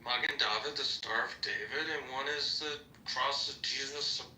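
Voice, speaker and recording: A man's voice: medium pitch, normal speed, pushed and bright. A man speaking hesitantly and explaining things in casual podcast chat, over a noisy background. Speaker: podcast host.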